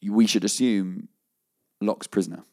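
A man's voice: on the low side, fairly even intonation, unhurried, a little mellow. Chatty man gushing over a show. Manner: enthusiastic, rambling, laughs often. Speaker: podcast co-host. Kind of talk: casual chat recapping a TV episode.

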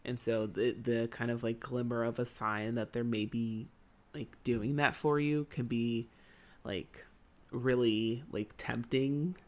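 Mid-pitched podcast co-host, halting casual talk. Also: fairly even intonation. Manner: halting and searching for words, many fillers. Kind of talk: casual chat.

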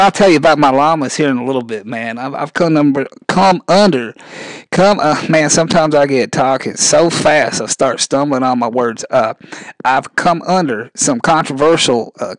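A man's voice: mid-range voice, dry recording, close to an everyday voice. A man playing a scrawny, touchy rural character, who rambles and drawls and keeps saying "man". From rural Arkansas. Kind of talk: comedic character interview.

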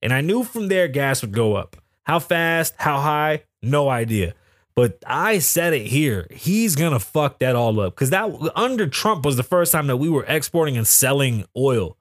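A man's voice: mid-range voice, sing-song, moderate pace, dry recording, studio quality. A man hosting a podcast, chatting casually with lots of swearing and rambling asides, laughing at odd news stories. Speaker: podcast host. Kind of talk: casual profane commentary.

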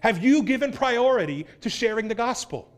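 High-voiced man preaching a sermon. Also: animated, moderate pace. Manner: earnest, swings from loud emphasis to hushed low words. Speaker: pastor.

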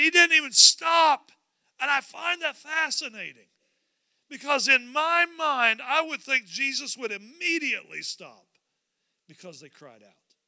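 A man preaching a sermon, acting out the scripture scenes with animated swings between loud calls and quiet, confessional stretches. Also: very high voice, dry recording. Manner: drops to a quiet, confessional tone at times. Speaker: pastor.

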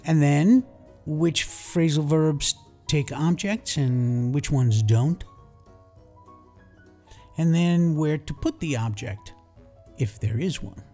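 Man, New York accent, middle-aged, English teacher podcast, measured lesson, warm mellow tone. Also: a little high, lively intonation, faint music behind.

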